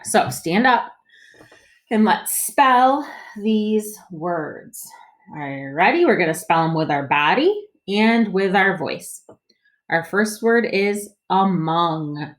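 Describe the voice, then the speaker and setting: A woman teacher leading a phonics lesson for young children, sounding out words slowly and patiently and prompting the listener to read along. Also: mid-range voice, expressive. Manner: slow, clearly sounded-out reading with patient prompts.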